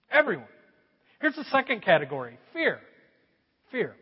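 A middle-aged male pastor preaching a sermon, swinging between loud emphasis and quiet asides. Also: very high-pitched, wildly swooping pitch, normal speed, pauses often, husky. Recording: dull, echoey hall sound.

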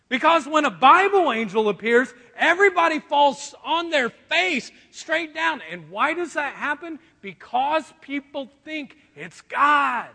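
A man preaching a sermon in an animated, joking way, acting out quotes as he goes. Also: very high-pitched, a little slow, few pauses. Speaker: pastor. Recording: long reverb of a large hall.

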